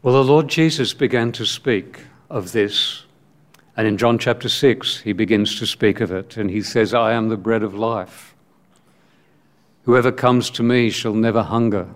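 A man delivers a sermon in a fairly low voice at an unhurried, deliberate pace. He speaks in short, emphatic phrases with long pauses between them. He reads scripture aloud as part of the preaching.

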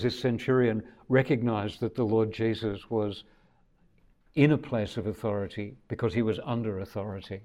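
A man with a fairly low voice delivers a sermon. He talks in a conversational, reflective way and often circles back to restart a phrase. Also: a little mellow. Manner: conversational, thoughtful, with frequent restarts. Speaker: preacher.

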